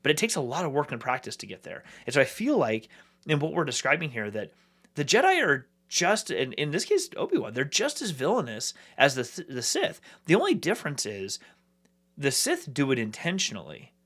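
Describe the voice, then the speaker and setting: A man co-hosting a podcast, talking in a casual, animated way, thinking aloud with many restarts. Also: on the high side, normal speed. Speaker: podcast co-host. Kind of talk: casual discussion.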